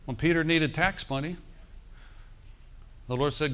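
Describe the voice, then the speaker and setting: A man preaching a sermon, animated and quoting scripture, calling out for amens. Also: on the high side, measured pace, pauses often.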